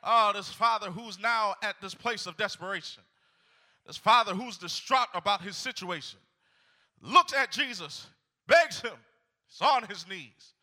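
A pastor preaches a fervent sermon in a church sanctuary, repeating his phrases and calling out to the congregation. His voice is high, bright and forceful at a measured pace, with the long reverb of a large hall.

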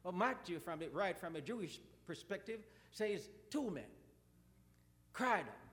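A male preacher delivering a fervent sermon, his high, bright voice swooping widely through each phrase. He takes his time, pressing questions one after another at an unhurried pace. The sound carries the long reverb of a church hall. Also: sing-song. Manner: impassioned preaching with repeated questions.

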